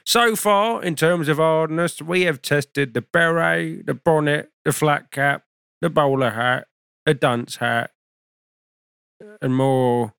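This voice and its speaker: A man's voice: a little high, slow pace, vocal fry, a bit bright, smooth, dry recording, studio quality, exaggerated voice. A man playing a blunt, constantly swearing show host in a comedy sketch. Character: foul-mouthed British hat-testing show host.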